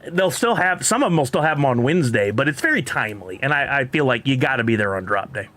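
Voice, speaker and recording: A man's voice: medium pitch, animated, fast, a bit bright. A man with a Texan accent chatting casually on a live stream, rambling and laughing often while reading chat.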